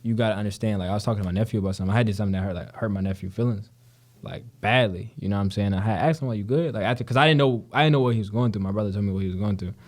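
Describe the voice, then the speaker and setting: A guest who is a young actor from Detroit chats casually in a fairly low voice at a rapid-fire pace. His stories are laced with slang, profanity and frequent "you know what I'm saying."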